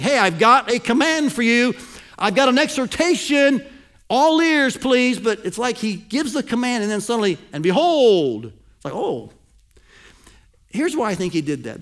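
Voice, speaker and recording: Male pastor, raised pitch with a raspy fry, preaching with big dynamic swings. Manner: animated preaching, swings from loud emphasis to near-whisper. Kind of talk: sermon.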